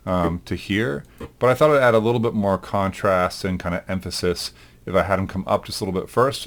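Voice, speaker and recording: A male animation instructor in a recorded lecture, talking through his work aloud in a relaxed way, with frequent ums. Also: on the low side. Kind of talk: recorded lecture demonstrating software.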